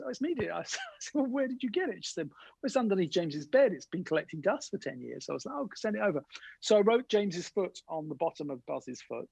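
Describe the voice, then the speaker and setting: A middle-aged man telling lively anecdotes in an interview, acting out the voices of the people he quotes. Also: a little high, gravelly, slightly rough, no room sound, low-quality recording. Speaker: guest innovation speaker. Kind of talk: animated storytelling interview.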